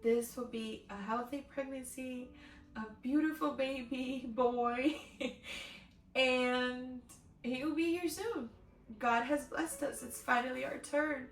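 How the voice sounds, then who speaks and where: A woman's voice: high-pitched, steady tone, slow, far from the mic, a little hiss or hum. A woman telling a personal faith testimony in a vlog, emotionally acting out what she said and thought. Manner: emotional, acts out her own quoted words. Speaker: faith vlogger. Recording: roomy echo, voice from off-mic, faint music.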